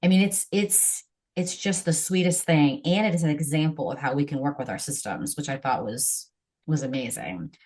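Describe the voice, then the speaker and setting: A woman hosting a podcast interview, talking in a conversational way and mixing quick asides into a passage she reads aloud. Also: deep voice, darkish tone. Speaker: podcast host.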